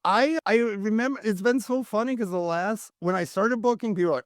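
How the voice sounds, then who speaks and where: A man's voice: sits high, a little fast, few pauses, dry recording, clean studio sound. A man hosting a podcast, enthusiastic and rambling, full of fillers. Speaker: podcast host, music booker. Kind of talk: podcast interview conversation.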